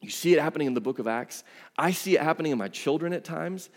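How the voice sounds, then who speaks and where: A man's voice: a little high, lively intonation, quick pace, big-room sound. A man preaching a sermon as pastor, conversational and emphatic, with casual asides. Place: church sanctuary.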